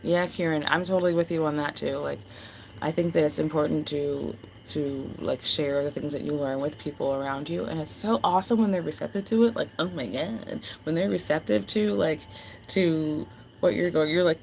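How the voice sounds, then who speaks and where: A woman's voice: low voice, steady tone, fairly quick, creaky, a little mellow, a little hiss or hum, low-quality recording. A woman hosting a livestream, chatting casually and affectionately with viewers, full of fillers. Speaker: livestream host. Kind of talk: casual chat with live chat.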